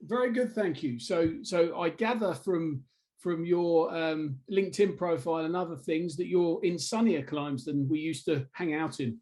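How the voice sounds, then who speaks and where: A man's voice: on the high side, normal speed, a little mellow. A man hosting a business interview show, easygoing and jokey, often restarting his sentences. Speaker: podcast host. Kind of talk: casual interview chat.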